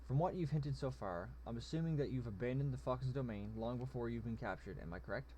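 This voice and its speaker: A man's voice: medium pitch, brisk, mellow, a little hiss or hum, natural voice. A man voicing a smug scheming goblin general. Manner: smug, teasing, pompous wording. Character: sly mocking male goblin general, scheming.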